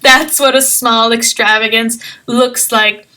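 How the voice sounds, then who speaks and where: Young woman game master, high bright voice, unhurried, chatty, giggly, lots of ums. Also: steady tone. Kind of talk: narrating a tabletop game.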